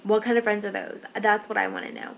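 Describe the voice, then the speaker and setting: A woman's voice: mid-range voice, steady tone, vocal fry, fairly bright tone, a little hiss or hum, rough recording. A young woman who manages a shift, telling a story in a casual vlog, rambling and exasperated, with lots of "like"s. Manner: fast, rambling, exasperated retelling with many "like"s.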